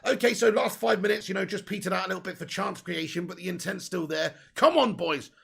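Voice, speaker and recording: A man hosting a live football watch-along, chatty and excitable, swearing freely and reading out viewer comments. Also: high-pitched, quick pace, gravelly, breathy edge. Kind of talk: casual live match commentary.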